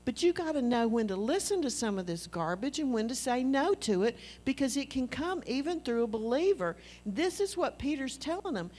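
A woman's voice: sits high, very animated, normal speed, few pauses, a little mellow. A woman, preaching a sermon in an earnest, conversational way and telling personal stories.

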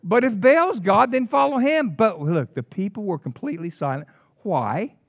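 An older man preaching a sermon in an animated storytelling way, with casual slang. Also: high-pitched, normal speed, creaky, no echo. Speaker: pastor. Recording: dull lo-fi dry recording.

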